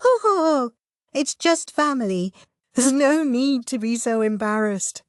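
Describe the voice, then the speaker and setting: A woman's voice: medium pitch, measured pace, a little mellow, no room sound, studio quality, lightly acted. A woman voicing a playful, theatrical young woman who drawls and chirps in a sing-song way.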